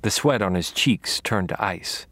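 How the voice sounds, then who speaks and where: A man narrating a first-person thriller audiobook in a calm, measured, quietly menacing way. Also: fairly low pitch, no echo.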